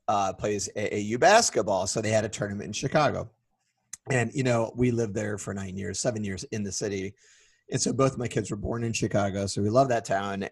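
Brief: middle-aged male podcast co-host, husky, lively storyteller who acts out voices. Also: lowish voice. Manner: animated, acts out quoted voices. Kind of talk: casual storytelling chat.

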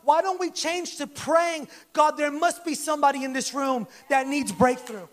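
High-voiced man preaching casually. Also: steady tone, normal speed. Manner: conversational, joking preaching with acted-out quotes. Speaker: pastor. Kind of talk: sermon. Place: church service.

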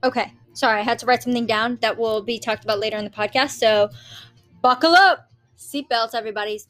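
A woman's voice: fairly high pitch, level tone, fast. A young adult woman hosting her own podcast in casual solo chat, rambling and scattered, jumping from topic to topic and swearing offhandedly. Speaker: podcast host. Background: faint music playing.

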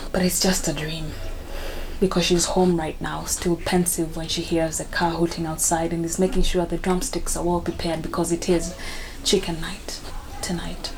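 Hushed, steady woman reciting poetry. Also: lowish voice, noisy background. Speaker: spoken word poet. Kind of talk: spoken word poetry performance.

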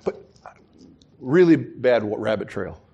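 A man's voice: mid-range voice, lively intonation, unhurried, creaky, dark tone, breathy edge, muffled recording. A middle-aged man preaching a sermon as pastor, telling stories and acting out the people in them. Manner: storytelling, acts out quoted voices, chuckles at himself.

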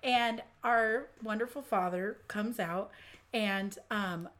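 A woman chatting casually, telling family stories in an expressive, dramatic way. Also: medium pitch, slow pace. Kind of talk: casual chat.

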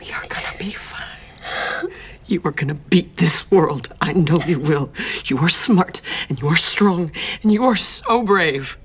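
A woman's voice: lowish voice, a little slow, breathy edge. A dying mother whispering goodbye through tears. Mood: tender whisper. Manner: tearful, whispered, breaking into sobs. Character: dying young mother saying goodbye to son. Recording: clip with music behind. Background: music.

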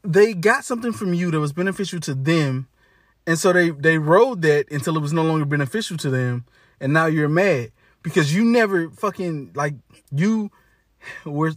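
A man with a voice on the high side and lively intonation rants at a moderate pace, the sound clean and studio-dry. His casual monologue is blunt, slang-heavy, and full of cursing and restarts.

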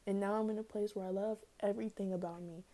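Young woman, podcast host, casual rambling chat, slangy, mellow warm voice. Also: medium pitch, fairly even intonation, quick pace. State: out of breath.

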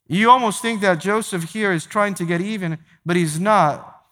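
A pastor preaching a sermon to his church, emphatic, repeating phrases and slowing down to stress key points. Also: sits high, pushed and bright. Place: large church sanctuary. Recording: long hall reverb.

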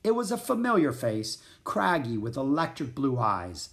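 Male audiobook narrator, expressive and lively. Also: medium pitch, moderate pace. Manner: expressive, storytelling. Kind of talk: children's audiobook reading.

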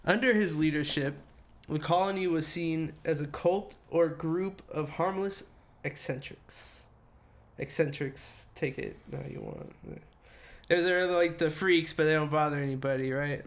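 Give me a man with a fairly high voice co-hosting a loose podcast. He reads his notes aloud, then breaks off into crude, joking asides. He laughs often as he goes. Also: moderate pace. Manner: laughs often mid-sentence. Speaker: podcast co-host reading the story. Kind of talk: casual podcast chat.

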